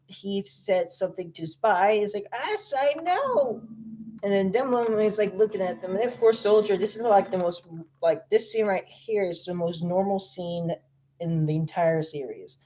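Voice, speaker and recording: A woman's voice: mid-range voice, normal speed, background noise. A woman giving casual reaction commentary on a video, rambling and guessing aloud with many fillers.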